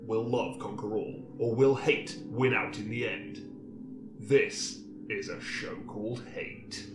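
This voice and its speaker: A man giving a slow, portentous voice-over for a show's opening. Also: lowish voice, steady tone. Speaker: intro voice-over. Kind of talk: slow dramatic intro narration. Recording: roomy echo over loud music.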